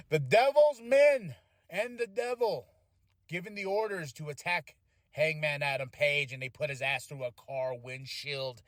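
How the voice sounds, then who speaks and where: A man hosting a podcast, reviewing a wrestling show in an excitable, profane, casual way and acting out voices. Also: a little high, dry recording, studio quality. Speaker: podcast host.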